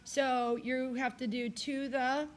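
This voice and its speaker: A woman's voice: sits high, little pitch movement, slow, slight background noise. Tired-voiced woman teaching a choir. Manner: directs singers, sings phrases to demonstrate. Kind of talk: recorded choir rehearsal lesson.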